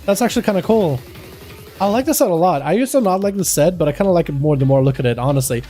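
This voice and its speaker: A male game streamer with a high voice that has a soft, mellow tone. He chats casually with his viewers and then switches to lively, hyped play-by-play commentary on duels. Faint music plays underneath. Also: rapid-fire. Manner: energetic, hyped, chatty with viewers.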